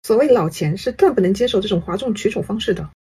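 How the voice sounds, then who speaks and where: A woman giving analytical commentary in a brisk, knowing, critical way. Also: medium pitch, animated, dark tone, breathy edge. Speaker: online commentator.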